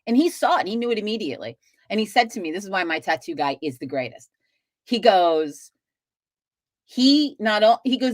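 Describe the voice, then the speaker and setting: A woman's voice: medium pitch, lively intonation, brisk, no room sound, clean studio sound. A woman hosting a live stream, chatting casually with viewers, talkative and swearing freely as she rambles.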